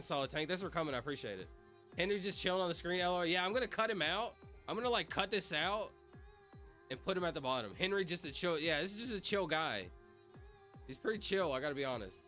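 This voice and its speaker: A man's voice: high voice, lively intonation, fairly quick, pauses often, bright, forceful tone, soft background music. A young man streaming from home, chatting casually and rambling with lots of "like" and "bro". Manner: rambling, filler-heavy, says "like" and "bro" constantly. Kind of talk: casual livestream chat.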